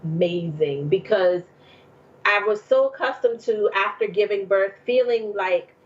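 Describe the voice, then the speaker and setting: Woman guest from New Jersey, chatty storyteller with lots of fillers, mid pitch, slightly muffled audio. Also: unhurried. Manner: chatty, laughs often, many fillers. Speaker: podcast guest. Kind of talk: casual storytelling.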